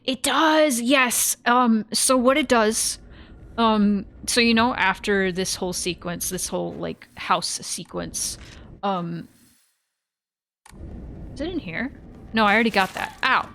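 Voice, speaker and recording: A woman giving casual let's-play commentary, chatty and rambling with frequent self-corrections. Her voice sits in a middle pitch, with a faint hiss behind it. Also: slow pace, a bit bright. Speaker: streamer.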